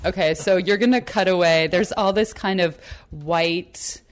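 A woman's voice: fairly low pitch, unhurried. A woman chatting playfully and teasing while cooking at home. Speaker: home cook. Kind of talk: casual cooking chat. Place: home kitchen, indoors.

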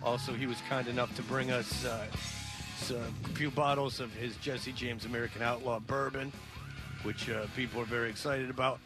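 A man's voice: medium pitch, steady tone, over music. A man hosting a radio talk show, interjecting and reading promos. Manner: quick interjections, reads promos. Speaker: radio host.

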